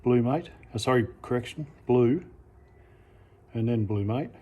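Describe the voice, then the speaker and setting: Easygoing Australian man, slow how-to talker, mid pitch, corrects himself as he goes. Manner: relaxed, unhurried, self-correcting with "uh" and "sorry, correction". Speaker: amateur radio hobbyist. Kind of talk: casual how-to demonstration.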